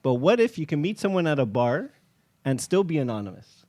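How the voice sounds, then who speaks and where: A man with a slightly high voice talks briskly as an app founder swapping stories on a casual podcast. He's animated and acts out the quoted dialogue.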